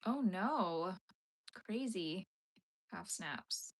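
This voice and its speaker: Young woman, live-stream host, easygoing chat while crocheting, mid-range voice, answers viewers, trails off into soft asides. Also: medium pitch, animated, very slow. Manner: chatty, answers viewer comments as she works.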